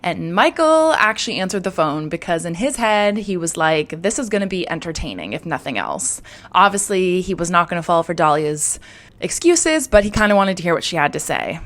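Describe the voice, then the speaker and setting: A young woman tells a true-crime story in a casual, chatty way. Her voice sits fairly low, and she talks candidly, with plenty of fillers and the odd swear. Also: lively intonation, normal speed, a bit bright.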